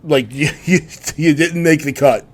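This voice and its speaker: A man's voice: fairly high pitch, normal speed. A man co-hosting a podcast in casual chat, telling loose, rambling stories. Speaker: podcast co-host.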